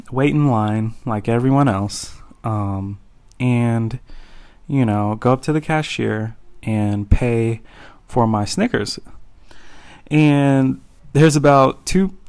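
A man's voice: medium pitch, a little mellow, smooth, no room sound. A man co-hosting a podcast who tells a casual anecdote in a laid-back, amused way. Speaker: podcast co-host.

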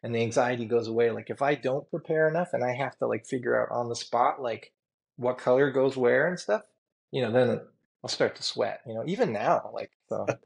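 A gravelly, husky mid-range male voice, talking a little fast, belongs to a tattoo artist guest telling candid interview stories. He rambles earnestly with lots of "you know" and "like," his emotion showing through.

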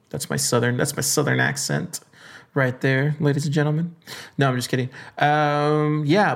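Man, podcast host, gravelly voice, casual rambling chat, filler-heavy. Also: medium pitch. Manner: loose and chatty with many fillers. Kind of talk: casual solo podcast talk.

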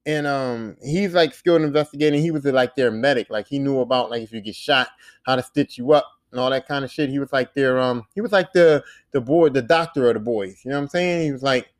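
High-voiced profane man riffing casually. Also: fast talker. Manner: profane, rambling, acts out quoted characters in exaggerated voices. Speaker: podcast host. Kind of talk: casual comedic monologue recapping a show.

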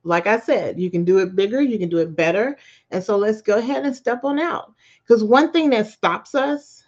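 On a muffled recording, a podcast host shares stories in a casual, motivational way. She's animated and often laughing, and her voice shoots up when she repeats what she once said.

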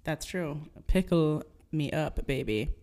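A woman's voice: low-pitched, expressive, slow pace, dark tone. A young woman co-hosting a podcast in casual chat, retelling stories and acting out quotes in silly voices. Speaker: podcast co-host.

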